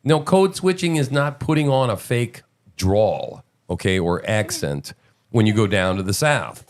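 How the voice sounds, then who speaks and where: A man's voice: lowish voice, lively intonation, a little slow. A man hosting a podcast in a casual, sarcastic, incredulous commentary style. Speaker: podcast host.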